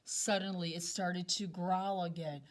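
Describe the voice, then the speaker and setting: A second-grade teacher whose voice is fairly low reads a picture book aloud for children, drawing it out slowly with dramatic expression.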